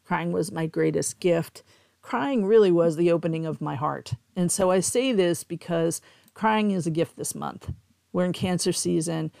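Woman, gravelly fry, dry close sound, candid storytelling. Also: on the low side, moderate pace, no echo. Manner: candid, emotional, with soft laughs. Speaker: podcast host, tarot and astrology reader. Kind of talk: personal storytelling monologue.

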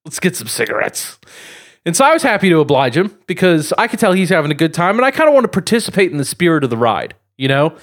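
Racing along with hardly any pauses, a male podcast co-host tells a long story in his high-side voice, his pitch swinging wildly. The story rambles, full of fillers and chuckles, as part of a casual podcast chat.

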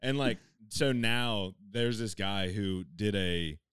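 A man's voice: fairly low pitch, slow pace, fairly bright tone, smooth, no room sound, studio quality. A man in casual, profane podcast banter, joking and doing mocking impressions.

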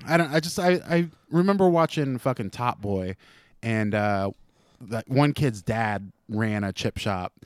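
A man's voice: medium pitch, a little slow, no echo. Guy cohosting a chill podcast, jokey and teasing, voice swings up and down, dry close sound. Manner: joking, teasing, animated. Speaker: podcast co-host, barber. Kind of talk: casual chat.

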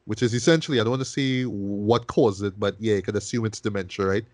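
Animated man in casual film review chat. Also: lowish voice, fast, no room sound. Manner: animated, profane, keeps asking "right?"; restarts and repeats words. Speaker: film review podcast host.

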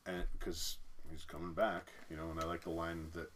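Deep-voiced male podcast host, animated, casual, acts out quotes. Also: normal speed, slight background noise. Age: adult parent. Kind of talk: casual discussion of a TV series.

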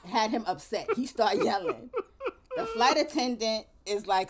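A woman's voice: on the high side, unhurried, a loud crowd. A woman co-hosting a podcast in casual chat, telling stories with lots of animation and laughter. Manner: animated storyteller, laughing often. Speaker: podcast co-host.

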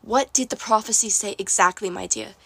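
A woman reading a wise, kindly old centaur teacher in a storybook, gentle and formal. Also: medium pitch, a little fast, creaky, breathy edge, dry recording.

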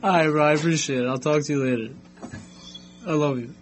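A man's voice: a little high, fairly even intonation, fast, slight background noise. A young man chatting casually with friends, complaining about a dare.

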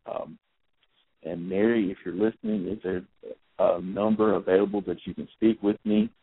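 A man's voice: sits low, wildly swooping pitch, moderate pace, vocal fry, slightly rough, dry recording. A man in his thirties hosting a podcast, telling a rambling story on his phone. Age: 30s. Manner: rambling, with fillers and self-corrections. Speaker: podcast host. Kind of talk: casual storytelling monologue. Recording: tinny phone-like, dry.

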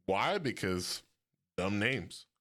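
A man's voice: on the low side, very animated, slow, pushed and bright. A man from hosting a casual solo podcast, rambling and correcting himself, with frequent chuckles. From Ohio. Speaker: podcast host.

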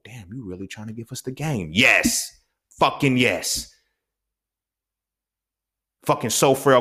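A young man hosting a solo podcast, ranting with heavy profanity and swinging between loud outbursts and low mutters. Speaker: podcast host.

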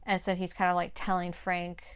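A woman co-hosting a casual TV recap chat, talking fast and overlapping with many fillers. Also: on the low side, monotone, clear, resonant tone. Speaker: podcast co-host.

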